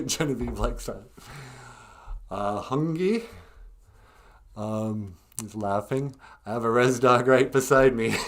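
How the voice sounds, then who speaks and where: A man hosting a casual live stream, talking hesitantly with many pauses and fillers. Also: medium pitch. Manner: hesitant, many ums and uhs. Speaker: host.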